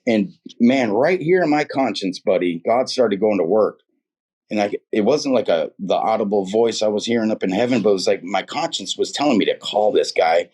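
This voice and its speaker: A middle-aged guest shares his testimony, rambling casually but earnestly and sprinkling in plenty of "dude" and "man." His voice is lowish, expressive and a little mellow, at a normal pace.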